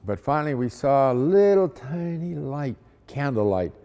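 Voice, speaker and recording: A man's voice: mid-range voice, very animated, normal speed, warm tone. A man, a missionary, telling a testimony story in a folksy, dramatic way. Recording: long hall reverb.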